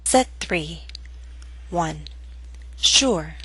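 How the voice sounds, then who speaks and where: A woman teaching English pronunciation, reading scripted instructions and slow model sentences for learners to repeat. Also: sits low, animated, fairly bright tone, slight background noise, rough recording.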